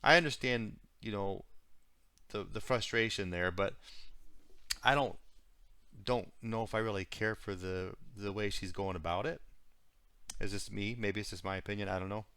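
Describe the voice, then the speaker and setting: A man reacts to clips in a casual, musing way, circling back over his own points with plenty of fillers. His voice is bright and crisp, a little low-pitched, and the sound is dry and close. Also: moderate pace, pauses often, no echo. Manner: musing, repeats himself, many fillers.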